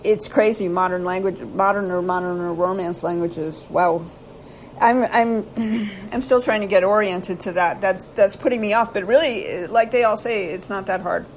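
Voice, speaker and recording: A woman reading aloud from a book and rambling in between, often hesitating and correcting herself as she thinks out loud. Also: medium pitch, normal speed, slight background noise, low-quality recording. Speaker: video host reading aloud. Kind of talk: casual read-aloud with asides.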